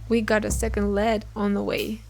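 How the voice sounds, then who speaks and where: A woman's voice: mid-range voice, monotone, normal speed, creaky, a little mellow, close to an everyday voice. A woman voicing a chatty male beaver family man who rambles through jokey, folksy stories. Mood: rambling. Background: game music.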